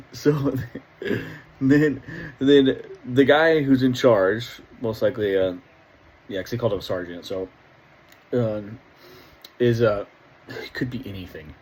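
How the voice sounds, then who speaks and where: A man's voice: medium pitch, slow, pauses often, darkish tone, breathy edge, low-quality recording. A middle-aged man hosting a casual reaction video, talking in a profane, rambling way and laughing often.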